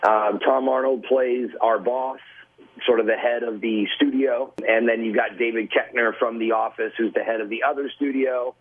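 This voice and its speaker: A man in his forties calling into a radio show by phone, a relaxed, chatty storyteller. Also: medium pitch, normal speed, breathy edge, phone-quality sound. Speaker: celebrity guest calling in. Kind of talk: phone interview.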